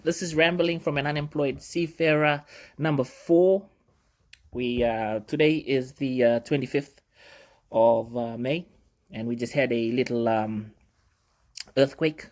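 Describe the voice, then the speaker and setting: A man's voice: mid-range voice, steady tone, measured pace, pauses often. A man who works in cruise ship security, telling stories in a casual, rambling monologue full of fillers.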